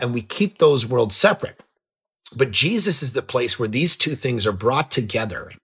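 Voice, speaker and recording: A middle-aged man, a pastor and author, telling a story as a podcast guest, lively and jumping in pitch when he acts out scenes. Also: gravelly, slightly rough. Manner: animated, jumps pitch when acting out scenes. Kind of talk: casual storytelling in an interview.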